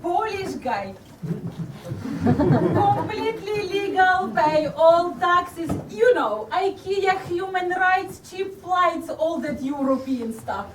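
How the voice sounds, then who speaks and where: A woman playing a brash Ukrainian immigrant, high and sly. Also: lively intonation, takes it slowly, heavily acted. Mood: teasing. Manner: teasing, mock-confessional, laughing at her own jokes. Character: brash Ukrainian woman passing herself off as Russian. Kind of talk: live stage comedy character. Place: theatre stage. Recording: distant, roomy live stage recording with audience noise.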